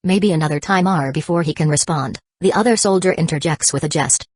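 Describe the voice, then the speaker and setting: A woman narrating an audiobook in a steady, even reading voice. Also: low voice, a little fast, no room sound. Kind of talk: scripted narration.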